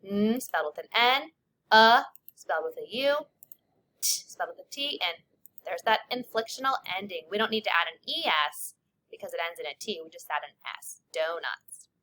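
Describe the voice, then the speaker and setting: Bright-voiced woman teaching a spelling lesson. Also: medium pitch, expressive. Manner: slow, clear sounding-out of letters and sounds. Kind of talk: spelling lesson for young children.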